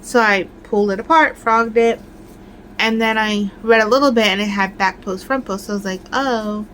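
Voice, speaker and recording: A woman's voice: medium pitch, steady tone, a little fast, a bit bright, slight background noise, poor audio. A woman crafting vlogger in casual chat, ranting with lots of fillers.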